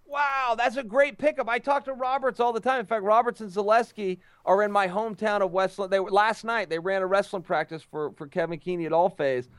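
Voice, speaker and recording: A high-pitched man tells a story in loose, casual chat, tripping over and repeating his words as he rushes along. His voice is dry and close, with no room sound around it. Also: clean tone, dry recording. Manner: lively storyteller who stumbles and repeats words. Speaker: guest on a talk show.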